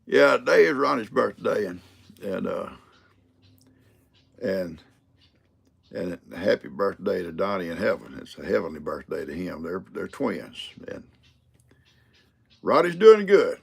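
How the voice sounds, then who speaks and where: An older man hosts a casual livestream chat in a low, creaky, slightly rough voice. He tells folksy stories, acts out the quotes and laughs often.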